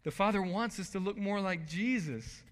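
A man preaching a sermon as pastor, swinging from soft, quiet lines to loud bursts. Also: high voice, moderate pace. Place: church sanctuary. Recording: long hall reverb.

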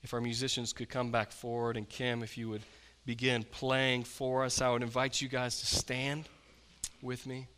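Male pastor, sermon delivery, bright tone, impassioned with loud-to-quiet swings. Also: medium pitch, little pitch movement, moderate pace, clean tone, long reverb tail. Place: church.

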